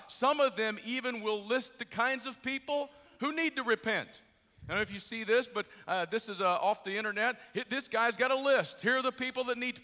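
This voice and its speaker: A man's voice: very high-pitched, fairly quick, sharp tone. A middle-aged man preaching a sermon as pastor, joking and conversational, a little jet lagged. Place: large church with balcony. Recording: long church hall reverb.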